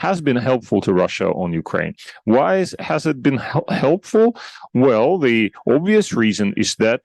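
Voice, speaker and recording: Gravelly-voiced man giving a panel talk. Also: medium pitch, very animated, moderate pace, darkish tone, no echo, poor audio. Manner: conversational, many restarts and rhetorical questions. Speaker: conference panelist.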